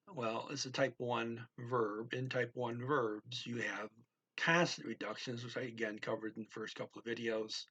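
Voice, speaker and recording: A man with a bright, husky voice talks slowly through a grammar lesson. He is patient, repeats each word, and fills his pauses with ums and restarts. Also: medium pitch, rough recording. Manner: slow, patient, repeats words, many fillers and restarts. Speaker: language teacher. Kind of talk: explaining grammar.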